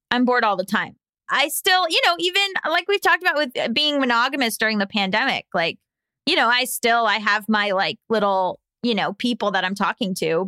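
A woman with a mid-range, bright voice and a forceful tone co-hosts a casual podcast chat with no room sound. A chatty storyteller, she laughs often.

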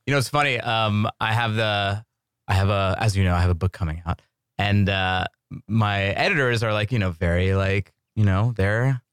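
A man's voice: lowish voice, moderate pace, a bit bright, smooth, no echo, clean studio sound. A man chatting casually as a podcast co-host, joking and rambling with lots of restarts. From Iran. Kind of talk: casual chat.

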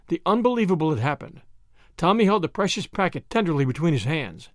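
Lively male audiobook narrator. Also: a little high, no echo, clean studio sound. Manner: measured storytelling. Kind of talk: scripted narration.

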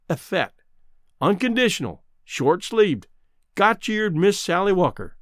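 A man's voice: high-pitched, dry recording, clean studio sound, voice pushed up, heavily acted. A man doing a blustering old cowhand. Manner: blustering, folksy drawl with rough slang. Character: gruff old Western cowhand man, scornful of city ways. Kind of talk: dramatic reading of a short story.

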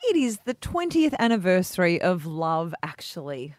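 A woman's voice: lowish voice, big pitch swings, normal speed, music in the background. A woman with an Australian accent co-hosting a breakfast radio show, matter-of-fact and teasing. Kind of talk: casual radio chat.

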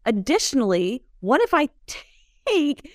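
A woman's voice: high-pitched, unhurried, dry recording, studio quality. A woman in her thirties from the United States, telling her story animatedly in a casual interview, full of "like" and acted-out quotes. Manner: animated, fillers like "like", acts out quotes. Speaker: whiskey entrepreneur guest.

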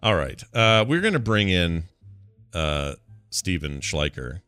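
A man's voice: low-pitched, sing-song, takes it slowly, sharp tone, clean tone, no room sound, soft background music. A man hosting a podcast in casual chat, joking and bantering playfully. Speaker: podcast host.

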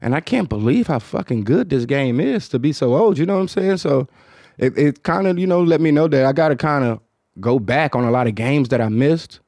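A man with a Detroit accent chats loosely on his podcast, keeping his voice low and a bit mumbled, hard to follow at times. His voice sits at an ordinary middle pitch, and the recording is close and dry with no room sound. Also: lively intonation, a little fast, darkish tone, no echo. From Detroit, United States. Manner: loose, profane, rambling with many fillers. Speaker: podcast host. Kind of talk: casual chat.

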